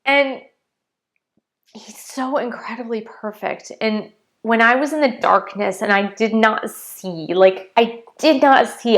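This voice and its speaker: A woman speaking to her viewers in a casual, heartfelt testimony. Her voice sits at an ordinary middle pitch. She talks earnestly, circles back over the same phrases and leans on "like" as she goes, and the emotion sometimes brings her near tears. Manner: earnest, repetitive, many "like" fillers. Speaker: spiritual vlogger.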